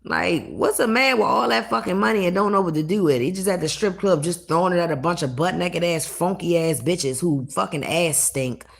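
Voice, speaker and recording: Low, gravelly, blunt-talking woman. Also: fairly quick, hardly any pauses. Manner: blunt, profane, animated storytelling. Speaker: livestreamer. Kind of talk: casual livestream chat.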